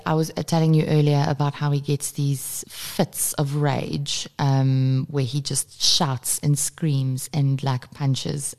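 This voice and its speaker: A woman's voice: sits low, darkish tone. A woman, co-hosting a casual parenting podcast and talking candidly, swearing freely. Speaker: podcast co-host. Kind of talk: casual chat.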